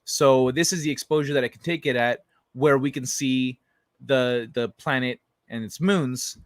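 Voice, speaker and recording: A young man hosts a late-night livestream, chatting loosely with viewers in a casual, profane way. He rambles and restarts his sentences as he reacts to messages. His voice sits at an ordinary middle pitch and sounds close and dry, with no room around it. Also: a little slow, no echo. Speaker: livestream host.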